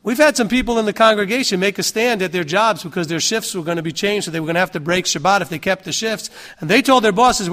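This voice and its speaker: A man's voice: high voice, fairly bright tone. A man preaching a sermon to his congregation in a conversational way, asking rhetorical questions and acting out what other people say. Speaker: pastor.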